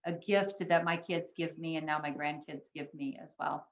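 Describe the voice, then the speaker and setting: A woman's voice: low-pitched, fairly even intonation, moderate pace, hardly any pauses, highs cut off. Older woman, earnest, echoey video call. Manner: earnest, with frequent ums and restarts. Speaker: webinar co-presenter. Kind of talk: casual storytelling to an online audience.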